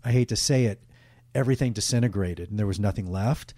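A middle-aged sportscaster telling emotional, candid stories in a casual interview, rambling with restarts. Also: male voice, fairly low pitch, quick pace, warm tone, dry recording. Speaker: guest, sportscaster.

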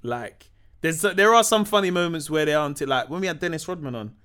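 A young man chats casually on a podcast, full of slang and acted-out quotes. His voice sits high for a man and swings widely in pitch as he tells his stories. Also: lively intonation, a little fast, bright, forceful tone, smooth. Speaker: podcast guest, TV co-host. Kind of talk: casual chat.

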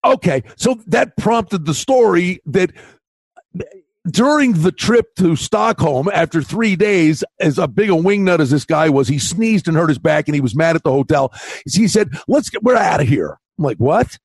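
An older man co-hosting a podcast, chatting casually and telling stories animatedly, loudly acting out the people in them. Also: fairly high pitch, normal speed, no echo. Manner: animated storyteller, acts out quotes loudly. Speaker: podcast co-host. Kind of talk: casual chat. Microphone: remote call mic.

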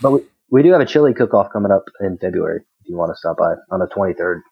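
A man's voice: low voice, lively intonation, racing, vocal fry, slightly rough, lo-fi sound. A man appearing as a guest on a podcast, talking in an easygoing, slangy way about his brewery's plans. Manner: easygoing, uses casual slang. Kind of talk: casual podcast chat.

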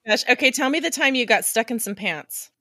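A woman's voice: on the high side, lively intonation, brisk, sharp tone, dry recording. A woman hosting a casual chat, reacting with laughs and short exclamations and asking for stories. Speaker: podcast host.

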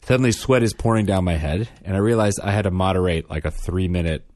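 A man's voice: fast talker, no echo, clean studio sound. A man and father, casually telling a story on a podcast and acting out the quotes in his anecdote. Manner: animated, acts out quotes in higher and lower voices. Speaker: podcast co-host.

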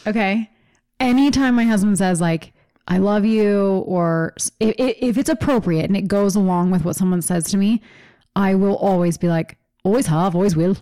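Casual podcast co-host, woman, chatty and animated, laughs through her stories. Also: mid-range voice, moderate pace. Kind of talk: casual chat.

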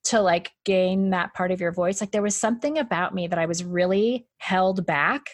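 A woman's voice: fairly low pitch, normal speed, dry recording. A woman in casual conversation, talking freely and laughing often, with a lot of "like" in her speech. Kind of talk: casual chat.

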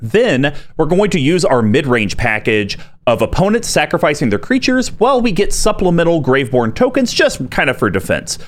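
A man co-hosting a casual chat, calmly explaining a game plan step by step. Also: a little high, normal speed, few pauses. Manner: relaxed, explains strategy step by step. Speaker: podcast co-host.

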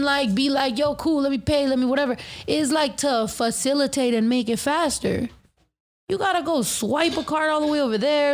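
A young woman hosting a casual chat, telling a story in an animated, profane rant full of acted-out quotes. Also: fairly high pitch. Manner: animated, profane, fast ranting with dramatic reenacted quotes.

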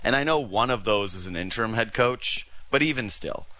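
Bright-voiced man, animated co-host. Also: on the low side, a little fast. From Canada. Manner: animated, joking, acts out quoted voices. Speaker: co-host of a hockey show. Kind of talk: casual sports talk.

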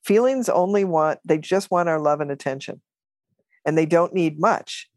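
Lively storytelling woman, dry sound. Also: on the low side, normal speed, no room sound. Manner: animated, laughs often, acts out quotes. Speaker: guest. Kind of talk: casual storytelling interview.

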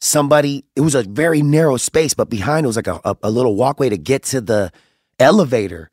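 A man on a podcast as a guest, telling stories in a rambling, animated way with lots of restarts. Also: mid-range voice, fast talker, husky, dry recording, clean studio sound. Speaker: guest, singer. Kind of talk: casual podcast chat.

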